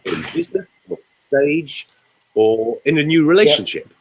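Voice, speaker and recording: A man's voice: fairly high pitch, normal speed, husky, poor audio. An older man, a voice coach explaining and demonstrating voice technique in a theatrical way on a radio show. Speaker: voice coach guest.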